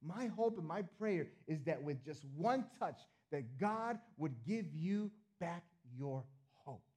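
Middle-aged male pastor, mellow and a bit high, earnest sermon delivery with repeated phrases. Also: expressive, slow, breathy edge. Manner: earnest, repeats phrases, swings between loud appeals and soft asides.

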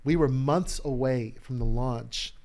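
A male pastor telling a personal story in a casual chat. He acts out quotes loudly and with lots of feeling. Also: medium pitch, unhurried. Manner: emotional, animated retelling, acts out quotes loudly.

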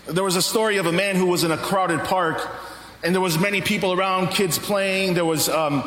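Male pastor, fairly high, forceful voice; emphatic sermon delivery with rhetorical questions. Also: fairly even intonation, fairly quick. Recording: roomy hall reverb, faint ambience.

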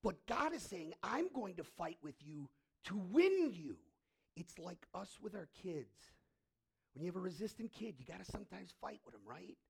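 A middle-aged man preaching a sermon as pastor in a church, swinging from hushed, intimate lines to loud, emphatic ones. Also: high-pitched, very animated, moderate pace, gravelly, slightly rough.

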